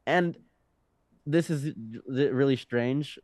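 A young man in his twenties, a podcast guest telling a story in a loose, animated way, with laughs, restarts and swearing. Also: medium pitch, slow pace, dry recording. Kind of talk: casual storytelling.

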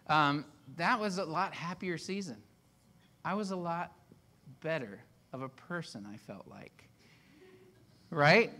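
A man's voice: fairly high pitch, pushed and bright. A man in his fifties, a pastor giving a sermon in a casual, self-deprecating storytelling way.

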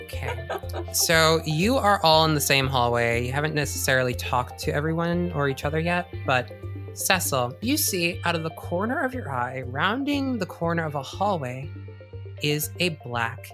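A woman running a tabletop game as game master, narrating in a relaxed, teasing way. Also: sits low, moderate pace, faint music behind.

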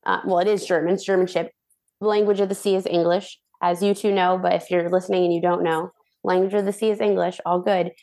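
A woman's voice: on the low side, a little fast. Chatty young woman telling stories. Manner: chatty and animated, leans on "like". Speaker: guest, professional dancer. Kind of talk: casual storytelling interview.

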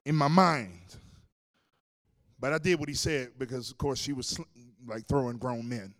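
Animated male preacher telling a story. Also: a little high, normal speed. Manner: animated storytelling, swinging from loud to hushed. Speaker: pastor. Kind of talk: sermon.

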